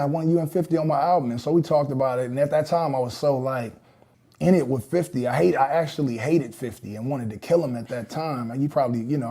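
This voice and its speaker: A man's voice: medium pitch, mellow. A man, a rapper, casually telling a story in an interview, loose and chatty with lots of acted-out quotes.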